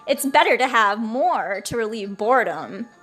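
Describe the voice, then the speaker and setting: A woman's voice: fairly high pitch, animated, moderate pace, fairly bright tone, soft background music. A woman reading out the lines of an angry male mafia boss in a casual paraphrasing way. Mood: threatening.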